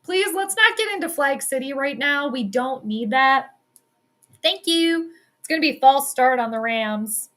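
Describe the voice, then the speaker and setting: A woman giving casual, excitable live play-by-play at home. She chats, swears freely and laughs often. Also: high-pitched, measured pace. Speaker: sports commentator and astrologer. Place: at home in the evening.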